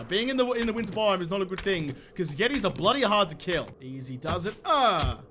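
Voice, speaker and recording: A man doing let's play commentary, excitable and sweary, talking to the enemies he fights, his voice a little off from being sick. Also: a little high, brisk, hardly any pauses, background noise. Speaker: gaming YouTuber.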